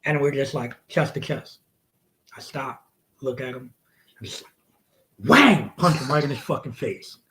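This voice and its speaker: A man's voice: medium pitch, unhurried, long pauses, pushed and bright. A man who wrestles, telling a story to a podcast host in a casual, profane way. He acts out the quotes and sometimes drops to a whisper.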